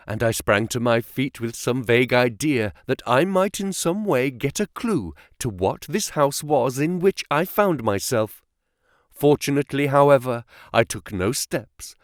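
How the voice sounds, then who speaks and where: A man's voice: medium pitch, no room sound, studio quality. A man narrating an audiobook, telling the story with expression. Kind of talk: scripted narration.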